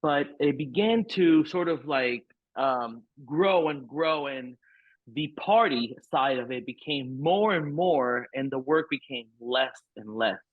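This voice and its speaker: A man's voice: mid-range voice, animated, takes it slowly, no echo. A middle-aged man telling a candid, rambling story as a podcast guest, swearing freely and stacking fillers. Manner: frank, profane, rambling with many fillers. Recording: tinny phone-like line, dry.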